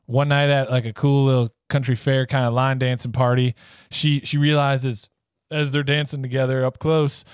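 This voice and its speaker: A man in a medium-pitched voice rambles through a goofy made-up story, with filler words everywhere. The sound is close and dry, with no room echo. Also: little pitch movement, moderate pace, clean tone. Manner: rambling, full of "you know" and "uh". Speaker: podcast co-host.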